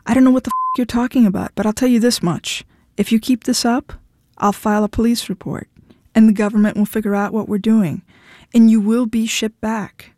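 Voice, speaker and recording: A woman's voice: on the high side, steady tone, fairly quick, warm tone, dry recording, close to an everyday voice. A woman voicing a blunt, cold young woman who speaks sharply and defiantly, reading a story aloud. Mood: fierce.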